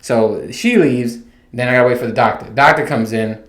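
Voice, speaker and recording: A man's voice: mid-range voice, normal speed. A man in a mid-range voice rants casually and swears freely as he tells an exasperated comic story. His voice rings in a roomy, echoey space. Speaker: podcast host. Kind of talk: casual comedic rant. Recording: roomy echo.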